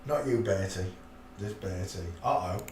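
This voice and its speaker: His voice sits low and moves at a measured pace. The channel host rambles on his live stream, chuckling and muttering to himself with blunt offhandedness, while a distant mic picks up an echoey room and a faint hiss.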